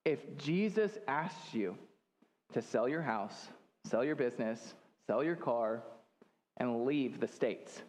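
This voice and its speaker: A man's voice: medium pitch, animated, takes it slowly, a little mellow. A young man preaching a sermon in a church, in a loose and joking way, with many fillers and restarts. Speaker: pastor.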